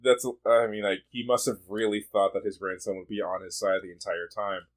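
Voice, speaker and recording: A podcast co-host reviewing a movie in casual chat, laid-back and quick to laugh. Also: sits low, level tone.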